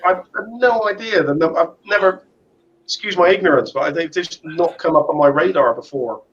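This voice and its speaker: A man's voice: on the high side, moderate pace, a bit bright, highs cut off, slight background noise. A man who serves as a tank commander, chatting casually and with self-deprecating humour as he rides. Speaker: tank commander and motorcycle vlogger. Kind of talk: casual chat while riding.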